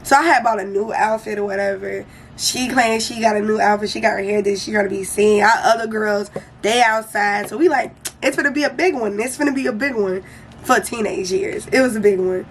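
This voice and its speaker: A young woman casually telling a storytime vlog in an animated, slangy and profane way. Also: medium pitch, brisk, a little hiss or hum.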